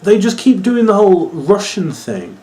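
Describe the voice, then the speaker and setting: A man's voice: sits high, sing-song, normal speed, warm tone. A young man giving a casual, exasperated review full of sarcasm and fillers like "uh" and "like". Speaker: wrestling reviewer.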